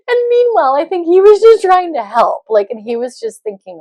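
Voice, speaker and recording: A woman hosting a podcast, telling a personal story in a casual monologue, animated and laughing often as she acts out what was said. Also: very high-pitched, normal speed, no room sound. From Canada. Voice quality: loud laugh. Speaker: podcast host.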